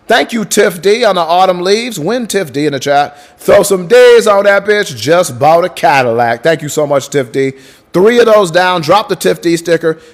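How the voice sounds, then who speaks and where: A man hosting a livestream in casual chat, swearing freely and hyping up viewers as he thanks them by name. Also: high voice. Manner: breaks into crooning song lines. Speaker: livestream host.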